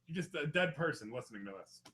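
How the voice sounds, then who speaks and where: A man hosting a casual wrestling podcast, loud and joking, swearing freely as he recaps matches. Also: fairly high pitch, expressive, fast talker. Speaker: podcast host.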